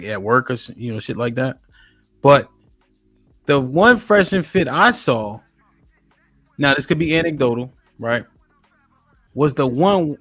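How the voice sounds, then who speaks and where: A man's voice: medium pitch, a bit bright, no room sound. A man on a podcast, chiming in bluntly and crudely during a casual debate.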